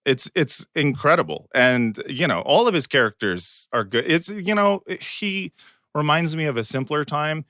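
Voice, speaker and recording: A man's voice: a little high, expressive, moderate pace, bright, forceful tone, no echo, clean studio sound. An American man, a guest comedian in casual podcast chat, talking in a jokey, wry way with laughing asides. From United States.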